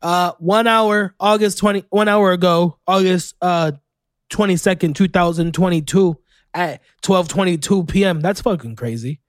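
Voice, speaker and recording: Excitable profane podcast host, man. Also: high-pitched, moderate pace, no echo. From Orlando, Florida, USA. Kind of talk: casual solo podcast commentary.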